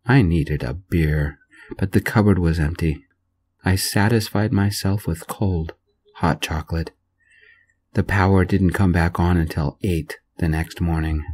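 A man telling a story in a gentle, soft-spoken reading voice. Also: sits low, breathy edge.

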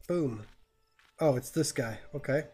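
A man's voice: mid-range voice, a little slow, darkish tone, breathy edge, faint music behind. A man streaming a game live, joking crudely and swearing as he plays. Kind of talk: live gameplay commentary.

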